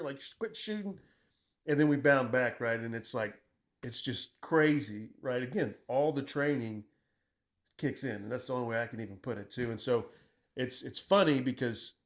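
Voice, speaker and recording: A middle-aged man, a military veteran, telling combat stories in casual conversation, blunt and profane, acting out what he shouted. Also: mid-range voice. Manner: profane, blunt, quotes himself in raised voice.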